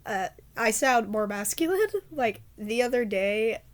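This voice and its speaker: A congested, hoarse woman with a raspy voice, rambling casually in a vlog and stumbling over her words. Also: a little high, expressive, unhurried. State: congested, hoarse from a sore throat. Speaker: video creator.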